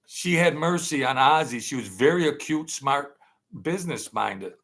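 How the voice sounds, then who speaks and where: A man hosting his own channel, telling a long casual story in a rambling, halting way, full of fillers and restarts. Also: fairly high pitch, lively intonation, a bit bright. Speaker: channel host telling stories.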